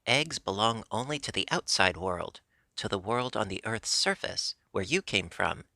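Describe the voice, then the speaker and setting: A man's voice: on the low side, animated, moderate pace, creaky, sharp tone, dry recording, clean studio sound, full character voice. A man voicing a small, nervous, blustering underground king who is easily startled, in a storybook reading. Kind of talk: audiobook character voice.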